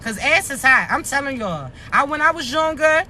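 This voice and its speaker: A woman's voice: high voice, lively intonation, normal speed, bright, forceful tone. A woman in her thirties ranting bluntly to her followers in a casual vlog, swearing and firing rhetorical questions, a little out of breath, outdoors near traffic. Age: 30s. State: short of breath. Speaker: vlogger. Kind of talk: casual rant to camera.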